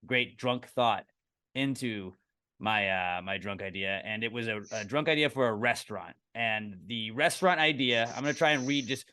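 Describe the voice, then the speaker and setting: Man, podcast co-host, casual chat, rambling, lots of fillers, smooth resonant voice. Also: mid-range voice, normal speed, pushed and bright.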